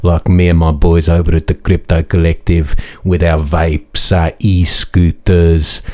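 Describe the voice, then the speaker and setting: A man with a very low, mellow voice performs a crude, mocking parody monologue. His manner is bombastic and self-important as he hosts a crypto comedy channel. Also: level tone, measured pace.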